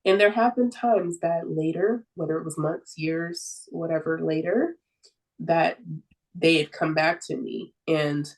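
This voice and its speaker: A woman's voice: low-pitched, creaky, low-quality recording. A woman talking as a podcast guest in an earnest, reflective way, with lots of "like" fillers and easy laughs. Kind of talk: casual conversational podcast talk.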